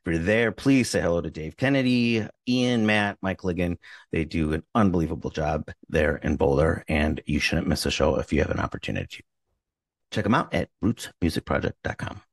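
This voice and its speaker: A man's voice: low-pitched, moderate pace, dry recording, studio quality, distant mic. A man co-hosting a podcast, bantering playfully and reading a short charity segment. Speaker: podcast co-host.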